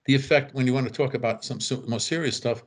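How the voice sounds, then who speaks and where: Talking fast in a medium-pitched voice, an older male guest spins casual anecdotes as a storyteller. He animatedly performs the quoted voices of the people in his stories.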